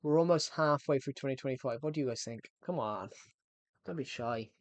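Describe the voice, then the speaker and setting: A man's voice: mid-range voice, brisk, dry recording. A young man, chatting casually with his viewers during a livestream and often repeating himself. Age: 20s. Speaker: game streamer.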